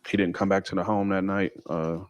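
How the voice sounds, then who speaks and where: A man telling a personal story in a casual, halting way with many fillers and restarts. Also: deep voice, flat delivery, no echo. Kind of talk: casual first-person account.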